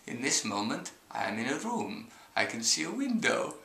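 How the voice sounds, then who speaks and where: A man imitating a serene male spiritual teacher who talks in a slow, gentle, earnest way. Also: mid-range voice, sing-song, gravelly, echoey room, heavily acted.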